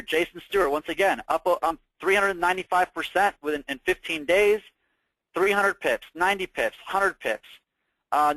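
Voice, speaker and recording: A man presenting a trading course, making an upbeat sales pitch full of rhetorical questions. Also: sharp tone, dry recording, rough recording.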